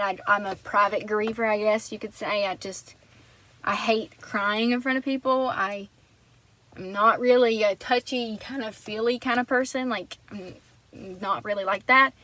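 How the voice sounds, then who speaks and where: A woman's voice: medium pitch, fairly bright tone, no echo, poor audio. A woman vlogger telling a personal story in an earnest, rambling way, often restarting her sentences.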